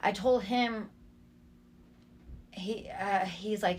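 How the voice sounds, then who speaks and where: A woman's voice: medium pitch, fairly quick, a little hiss or hum. A woman sharing her life testimony as a guest, telling stories in a casual, streetwise way and acting out the voices of people she quotes. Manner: animated, acts out quoted voices; streetwise slang. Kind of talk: casual storytelling.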